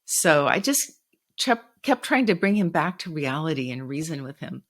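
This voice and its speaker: A middle-aged woman with a somewhat low voice tells a personal story on her podcast. She speaks in an earnest, reflective way. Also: big pitch swings, normal speed, a bit bright. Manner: reflective, earnest, quoting others with raised voice. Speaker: podcast host.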